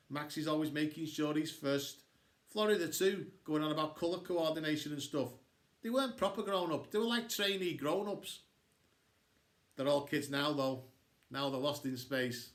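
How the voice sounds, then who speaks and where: A man reading a children's novel aloud with playful, expressive storytelling. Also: on the high side. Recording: echoey room.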